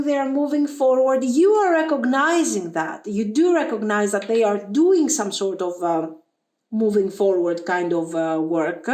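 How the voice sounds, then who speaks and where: High-voiced woman reading tarot, echoey room. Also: a little mellow. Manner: emphatic, exasperated, talks straight to viewers. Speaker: tarot reader. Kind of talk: pick-a-card tarot reading to viewers.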